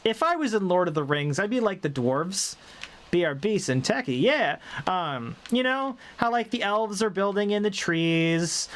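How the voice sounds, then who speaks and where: A man from the American South livestreams a game, chatting playfully and rambling with viewers while laughing often. His voice is on the high side and a bit bright, with a light Southern drawl that has mostly faded.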